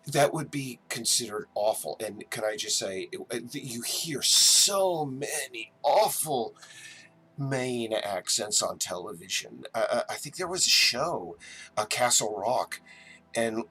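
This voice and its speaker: A man's voice: mid-range voice, lively intonation, a little slow, sharp tone, breathy edge. A man from New Jersey hosting a casual live chat, rambling and stammering as he answers viewers. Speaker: livestream host.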